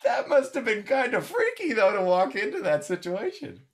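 A man hosts a relaxed interview chat, and his voice swoops widely up and down. He chimes in with short reactions and comments on his guest's story. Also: sits high, normal speed, a little hiss or hum. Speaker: host.

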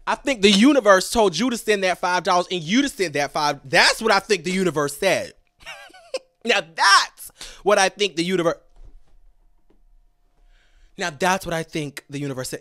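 Young male streamer, dramatic and animated, addresses viewers directly, very lively pitch. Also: normal speed, pauses often. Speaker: livestreamer. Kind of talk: casual livestream chat.

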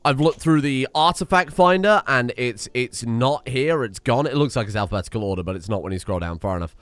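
A young man talks through his strategy game as he plays, muttering to himself and swearing as things go wrong. His voice sits at an ordinary middle pitch. The recording is close and dry, with no room sound around him. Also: animated, brisk, a bit bright, clean tone, dry recording. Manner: talks to himself while playing, swearing and exasperated. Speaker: let's play streamer. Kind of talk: live gameplay commentary.

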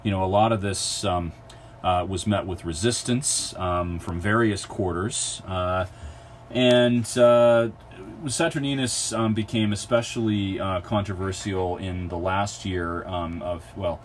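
Lecturer, male, lowish voice, meandering delivery with frequent fillers, recorded lecture with faint hiss. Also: fairly even intonation, unhurried. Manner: unscripted, many ums and uhs, self-correcting. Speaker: history lecturer.

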